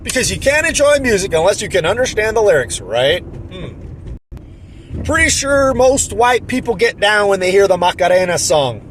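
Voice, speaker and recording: A man with a fairly high voice speaks in an indignant, sarcastic commentary style, mocking the people he quotes. Faint traffic noise hums behind him, as if he records near a road. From New Jersey. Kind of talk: opinion commentary.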